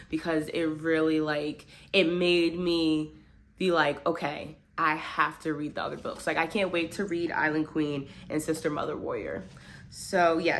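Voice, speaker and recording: A young woman casually reviewing a book, chatty and animated, with a lot of fillers as she talks. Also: on the low side, a little hiss or hum.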